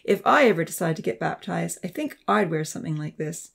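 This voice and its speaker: A man reading as a gentle hesitant teen girl. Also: fairly high pitch, lively intonation, brisk, gravelly, exaggerated voice. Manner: soft, half-hearted. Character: kind teenage girl, hesitant about faith.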